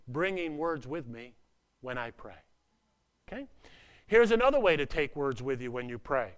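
A man preaching a sermon in a conversational way, with asides, swinging from hushed words to loud emphasis. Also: sits high. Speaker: pastor.

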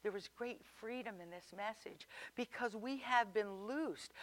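A woman preaching a sermon, moving between hushed, intimate passages and loud, impassioned declarations. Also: a little high, a little slow, hardly any pauses.

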